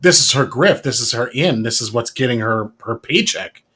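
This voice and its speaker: A man's voice: mid-range voice, animated, normal speed, bright, forceful tone, slightly rough. A man co-hosting a casual podcast, talking in a mocking way and reading quotes aloud. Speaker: podcast co-host.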